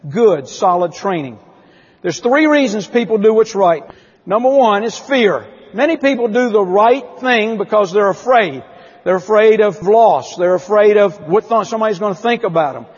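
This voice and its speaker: High-voiced man speaking in a hall. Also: lively intonation, normal speed, breathy edge. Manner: emphatic storytelling, asks the audience questions. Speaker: motivational speaker at a company conference. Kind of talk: conference keynote speech. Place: large conference hall. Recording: dull lo-fi audio with long hall reverb.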